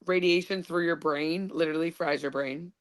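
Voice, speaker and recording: A woman with a fairly low voice, chatting in a loose online conversation. She is wry and joking, and drifts into long, rambling stories. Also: fairly even intonation, moderate pace. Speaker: guest co-host. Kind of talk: casual online chat.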